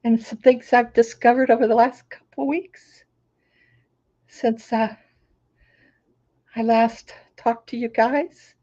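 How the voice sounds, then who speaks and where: A woman with a hoarse, recovering voice, chatting casually on a livestream and greeting her viewers by name. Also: a little high, level tone, slow pace, long pauses, warm tone, muffled recording. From Florida. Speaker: crafting channel host. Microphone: laptop microphone.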